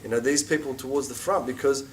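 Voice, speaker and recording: A middle-aged man teaching an informal religious class, chatty and animated, with asides and mock quotes. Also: medium pitch, fast, far from the mic, slight background noise.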